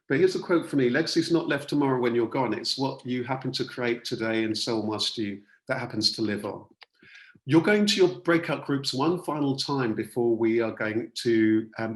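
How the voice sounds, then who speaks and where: A man's voice: medium pitch, echoey room. A man, a coach and speaker, leading an online masterclass and repeating key words earnestly for emphasis. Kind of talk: online workshop talk.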